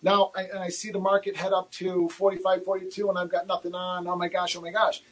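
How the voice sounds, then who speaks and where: A man, a guest futures trader, answering livestream questions in a candid, animated, self-deprecating way, often repeating his words. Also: high voice, quick pace, low-quality recording.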